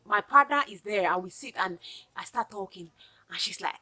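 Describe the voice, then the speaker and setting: A woman's voice: mid-range voice, expressive, moderate pace, sharp tone. A woman with a Nigerian accent giving relationship advice in a chatty, emphatic monologue to her viewers.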